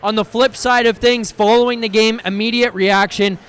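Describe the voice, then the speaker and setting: High-voiced man in a fiery rant. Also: fairly even intonation, moderate pace, a bit bright, clear, resonant tone. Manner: heated, profane and exasperated, with repeated stammering restarts. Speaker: host of a live post-game reaction stream. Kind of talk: live post-game rant.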